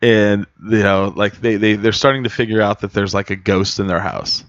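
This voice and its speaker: A low-pitched man hosts a loose comedy chat, telling stories with animated energy. The sound is dry and a bit dull, with little room tone. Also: moderate pace, dry recording. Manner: animated storyteller, loud acted screams. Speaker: podcast co-host.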